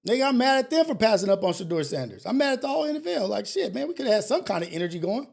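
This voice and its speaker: A man's voice: high voice, very animated, rapid-fire, creaky, a little mellow. A man hosting a call-in talk show, ranting bluntly and emphatically, with slang and profanity and lots of repetition. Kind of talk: casual motivational talk show rant.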